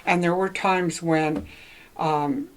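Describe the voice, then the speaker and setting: A woman's voice: on the low side, steady tone, slow pace, rough recording. A woman in her seventies from northwestern Ontario, reminiscing in a casual oral-history interview and often laughing as she rambles. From northwestern Ontario, Canada.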